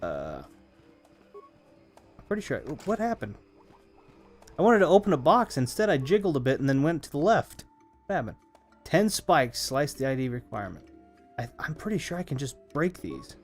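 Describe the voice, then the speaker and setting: A man streams a video game and chats with his viewers in a rambling way, humming between remarks. His voice sits a bit high for a man. Faint music plays in the background. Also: huge pitch swings, moderate pace, pauses often. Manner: chatty and rambling, answering viewers while playing. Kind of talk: casual live-stream commentary.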